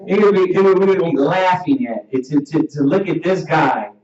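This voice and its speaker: A man teaching a Bible class in an animated preaching style, laughing often and calling for each verse to be read. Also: a little high, normal speed. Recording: dull echoey room audio from far off.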